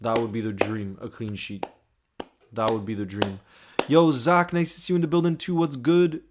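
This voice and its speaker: A man's voice: mid-range voice, steady tone, moderate pace, noisy background. Young man, livestream host, chatty, greets viewers by name, casual. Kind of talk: casual live-stream chat reading comments.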